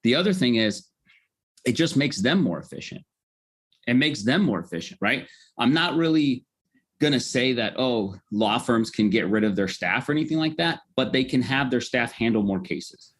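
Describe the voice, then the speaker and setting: Upbeat man explaining legal software. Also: medium pitch, animated, moderate pace. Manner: explanatory, upbeat, tags points with "right?". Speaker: legal tech founder, guest. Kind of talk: conversational podcast interview.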